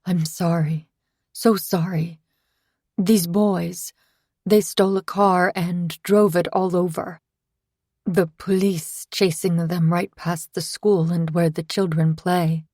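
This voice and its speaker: A woman narrator gives voice to a frightened neighbor woman who keeps apologizing. Her voice sits low with a gravelly edge. The sound is close and dry. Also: fairly even intonation, a little mellow, dry recording. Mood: fretful. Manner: fretful, apologetic, halting. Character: anxious polite woman neighbor.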